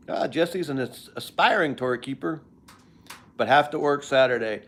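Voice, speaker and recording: A man's voice: medium pitch, normal speed, a bit bright. An older man hosting a live stream, chatting casually with viewers in a rambling, joking way.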